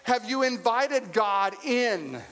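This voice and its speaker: Male pastor with a high voice, conversational sermon delivery with humor, recorded in a reverberant church hall. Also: animated, slow pace, fairly bright tone. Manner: conversational preaching with humor and repetition; addresses the congregation directly. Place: church sanctuary with a congregation. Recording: long reverb of a large hall.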